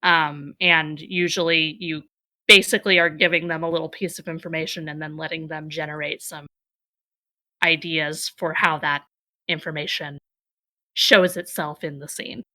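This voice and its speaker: A woman's voice: low voice, level tone, moderate pace, pushed and bright, dry recording. A woman co-hosting a tabletop game chat, chatty and self-deprecating. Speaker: podcast co-host. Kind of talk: casual chat.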